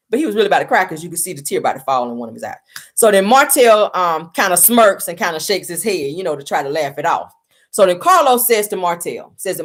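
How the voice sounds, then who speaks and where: A woman's voice: on the low side, expressive, fairly quick. A woman hosting a casual reality-show recap, talking to viewers as y'all and retelling what was said. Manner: chatty, addresses viewers as y'all, retells quotes.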